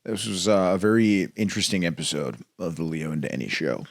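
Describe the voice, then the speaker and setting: A man co-hosting a podcast, talking in animated, laughing casual banter. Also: deep voice, a little fast. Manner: animated, laughs often, exclaiming. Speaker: podcast co-host. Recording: noisy podcast recording.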